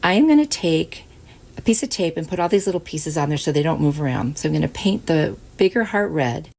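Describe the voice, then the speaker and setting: A woman's voice: low voice, animated, brisk, creaky. A woman hosting a craft channel, chatting casually through each step of a DIY tutorial voice-over. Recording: soft music behind.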